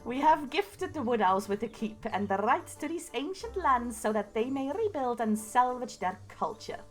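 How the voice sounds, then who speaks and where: A woman voicing a regal queen from a game who rolls her R's and reads a royal letter slowly. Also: on the high side, very animated, faint music behind. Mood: stately. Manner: slow, stately reading of a royal letter. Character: regal imperial queen with rolling R.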